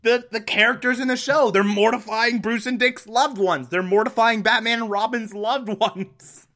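Brief: man, high bright voice, slow and animated, exasperated recapper. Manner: animated, exasperated, laughing asides. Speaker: show recapper. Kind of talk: casual episode recap.

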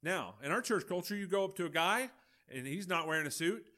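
A male pastor, preaching a folksy, animated sermon with acted-out dialogue. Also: sits high, a little fast.

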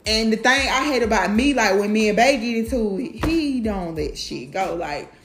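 A woman's voice: a little high, animated, normal speed, a little hiss or hum. Blunt, profane woman ranting in an echoey room. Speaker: vlogger. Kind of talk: candid monologue.

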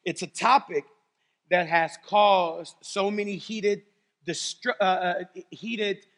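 A man preaching a sermon as pastor, telling stories animatedly, swinging between loud exclamations and low serious tones. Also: fairly even intonation, slow pace, big-room sound. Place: church sanctuary.

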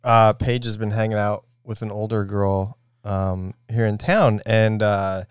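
A man in his thirties talks in a relaxed, wry way about his daughter. His voice is smooth and resonant. It sits close and dry on the mic. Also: fairly low pitch, a little slow, dry recording. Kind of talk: casual chat.

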